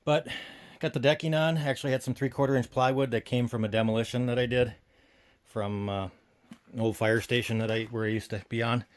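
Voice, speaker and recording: A man's voice: medium pitch, fairly even intonation, fairly quick. A man hosting a homestead video, a little winded, walking through a half-built woodshed in a loose, rambling way with lots of fillers. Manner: rambling, thinks aloud with fillers. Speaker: homesteading channel host. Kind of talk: casual DIY walkthrough. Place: woodshed under construction, outdoors.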